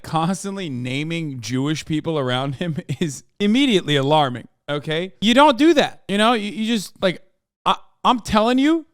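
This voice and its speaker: Profane, animated streamer with a smooth voice. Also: male voice, on the high side, no echo, clean studio sound. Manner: animated, profane, incredulous ranting. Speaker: streamer reacting to a clip. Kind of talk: live stream commentary.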